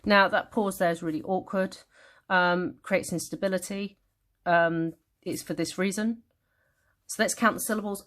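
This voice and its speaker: A woman with a British accent teaching a revision lesson. She thinks aloud, corrects herself and reads verse lines slowly. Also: medium pitch, fairly even intonation, fairly bright tone. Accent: British English. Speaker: English literature tutor. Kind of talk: revision lesson, annotating a text.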